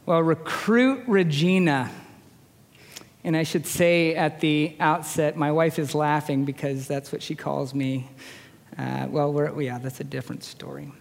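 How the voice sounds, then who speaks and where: A man in his forties with a high-pitched voice, a chaplain preaching a storytelling sermon in a conversational, self-deprecating way. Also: little pitch movement, moderate pace, gravelly. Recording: long reverb of a large hall.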